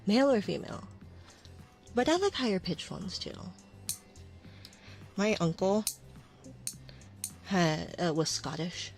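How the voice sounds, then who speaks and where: A woman streamer chatting casually in an ASMR stream, rambling and often dropping into a soft whisper. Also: mid-range voice, big pitch swings, slow, long pauses, soft background music. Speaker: VTuber streamer.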